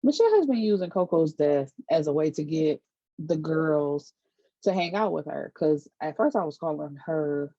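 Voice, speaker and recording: A woman's voice: sits low, lively intonation, moderate pace, dark tone, dry recording. A woman giving a casual, chatty TV episode recap, retelling scenes with lots of fillers. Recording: dull lo-fi dry recording.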